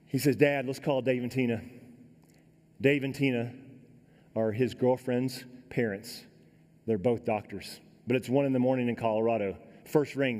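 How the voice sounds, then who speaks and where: A middle-aged man giving a keynote talk, telling a dramatic story in a folksy, animated way and acting out the other voices. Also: mid-range voice. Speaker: keynote speaker. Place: large conference hall. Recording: echoey hall sound.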